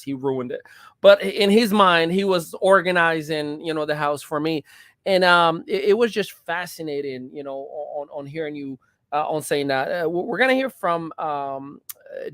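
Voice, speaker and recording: A man's voice: a little high, a bit bright, dry recording, studio quality. A man hosting a panel talk, speaking candidly and telling personal stories with emphasis. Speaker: host.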